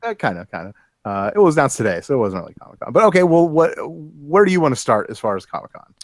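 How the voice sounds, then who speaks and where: A man hosts a casual chat with a lively, animated pitch, stumbling through fillers and restarts. His voice sounds dry and close to the mic. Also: no room sound. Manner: halting, filler-heavy, upbeat. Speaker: host.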